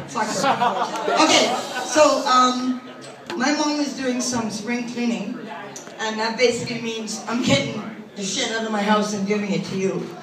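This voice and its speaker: Recorded from afar in an echoey club, this stand-up comedian's voice is a little high. She's a middle-aged woman delivering crude jokes at her own expense, caught on an audience member's phone amid the crowd's laughter.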